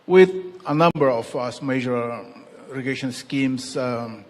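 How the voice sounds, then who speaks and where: Guy moderating a panel, slow and halting, lots of uh and um, echoey hall. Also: mid-range voice. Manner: hesitant, many fillers. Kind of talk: conference moderation. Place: conference hall. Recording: reverberant hall.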